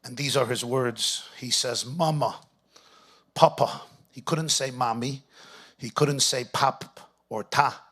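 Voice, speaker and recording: A middle-aged rabbi speaks to a gathering in a husky voice. He tells his story with lively energy, dropping Yiddish and Hebrew phrases along the way. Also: mid-range voice, a little slow. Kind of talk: storytelling talk to an audience.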